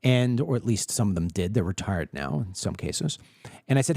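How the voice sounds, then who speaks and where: A man's voice: moderate pace, vocal fry, no echo, clean studio sound. Fired-up male political podcast host. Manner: animated storytelling, acts out quoted people in a higher voice. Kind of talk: opinionated political commentary.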